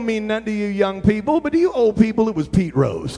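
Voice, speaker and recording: Gravelly preacher man, echoey hall. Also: high voice, brisk, few pauses. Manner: animated, swings from hushed to shouting. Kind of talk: sermon storytelling.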